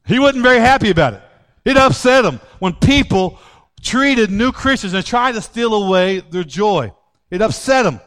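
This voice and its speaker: A middle-aged male pastor preaching a sermon, swinging from loud outbursts to low quiet asides. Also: expressive, normal speed.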